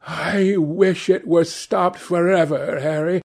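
A sensitive young gentleman, high-strung and pleading, as a male reader puts him on. His voice rises well above the narrator's own and pushes louder. A storybook figure read aloud. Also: lively intonation, a little slow. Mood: bitter, shaken.

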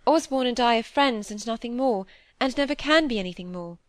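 Brief: female reader voicing a gentle, heartfelt young woman, slightly higher voice, close dry recording. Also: expressive, brisk, no echo, lightly acted. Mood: tender. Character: earnest tearful young woman, a doctor's daughter. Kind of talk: audiobook character reading.

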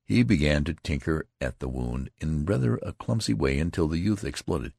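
A man reading a novel aloud in a measured, deliberate way, as scripted narration. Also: a bass voice, animated, creaky, a little mellow, no room sound, studio quality. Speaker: audiobook reader.

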